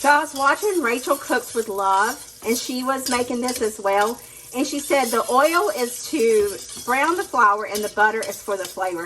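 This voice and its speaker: A woman hosting a casual cooking vlog in her home kitchen, chatty and self-deprecating as she talks straight to her viewers. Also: fairly high pitch. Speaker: cooking channel host. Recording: clear kitchen noise behind. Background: pots, pans and whisking.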